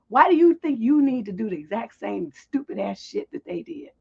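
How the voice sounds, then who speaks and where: A woman's voice: on the high side, muffled recording. A woman relationship coach hosting a livestream advice show, blunt, profane and scolding as she answers a viewer's letter.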